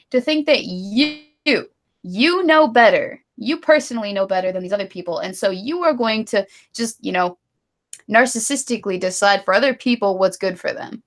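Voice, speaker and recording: A woman's voice: medium pitch, animated, brisk. A woman co-hosting a casual live stream, ranting with strong opinions and reading viewer donations. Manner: opinionated ranting, then giggly and apologetic. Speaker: stream co-host.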